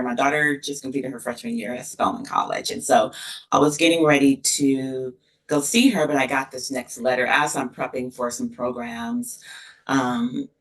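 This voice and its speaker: A middle-aged woman speaks in a gravelly, creaky voice at a moderate pitch, heartfelt and earnest, often pausing and restarting her sentences. She sits a little back from the microphone, so her voice sounds somewhat distant. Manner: earnest, emotional, many pauses and restarts. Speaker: associate dean of students, podcast guest. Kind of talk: casual interview conversation. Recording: distant mic.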